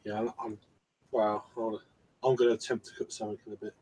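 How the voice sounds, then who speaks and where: A man with a young daughter, joining a live stream chat and talking in a quiet, halting, apologetic way. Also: on the low side, flat delivery. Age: adult with a child. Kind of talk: casual chat between friends.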